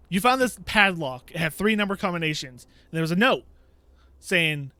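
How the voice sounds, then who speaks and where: A fairly high-voiced man telling a gaming channel about a frustrating game in a loose, ranting way. He laughs in disbelief and plays out his own baffled reactions as he goes. The sound is dry and close, like a desk mic at home. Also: animated, moderate pace, pushed and bright, no room sound. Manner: exasperated, laughing storyteller who acts out his own reactions. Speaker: gaming YouTuber. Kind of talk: casual ranting game review.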